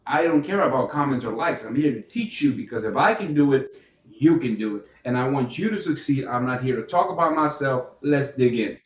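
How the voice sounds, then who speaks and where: A man giving a casual, animated business funding lesson, firing rhetorical questions and restarting his sentences often. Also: mid-range voice, fairly quick. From New York. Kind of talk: casual teaching monologue. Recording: echoey room, mic at a distance.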